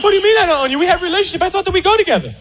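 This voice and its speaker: A man voicing an indignant woman pleading with her cold boyfriend in a stand-up bit, shrill and pleading. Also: lively intonation, rapid-fire, a bit bright.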